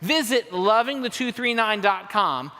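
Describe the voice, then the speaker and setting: Bright, enthusiastic youth pastor man. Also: high voice, expressive, a little slow, in a large hall. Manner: enthusiastic, repeats words for emphasis. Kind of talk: upbeat church announcements.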